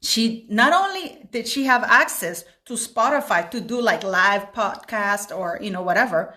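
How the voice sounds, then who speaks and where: A woman's voice: mid-range voice, lively intonation, unhurried, bright, forceful tone. A woman talking straight to her small video camera in a casual opinion vlog. She is chatty and opinionated, and she rambles with many restarts. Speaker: vlogger commenting on celebrity news.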